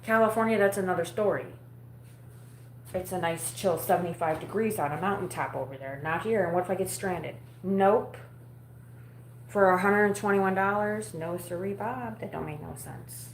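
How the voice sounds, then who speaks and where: A woman's voice: lowish voice, normal speed, echoey room, a little hiss or hum. A woman chatting casually on a live stream from home at night, blunt and rambling, swearing freely. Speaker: vlogger talking to a live audience.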